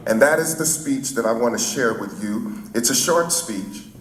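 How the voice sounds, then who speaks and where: A man's voice: medium pitch, lively intonation, normal speed. A middle-aged man from St. Louis, a chaplain, telling a folksy story to an audience. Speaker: chaplain and speaker. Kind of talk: storytelling before a speech. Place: event hall. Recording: echoey hall, faint ambience.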